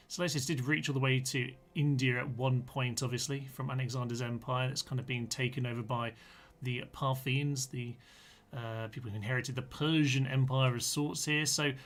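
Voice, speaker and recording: Bright-voiced chatty game streamer. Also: male voice, mid-range voice. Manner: chatty, reads out chat comments with frequent ums. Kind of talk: live-streamed gameplay commentary.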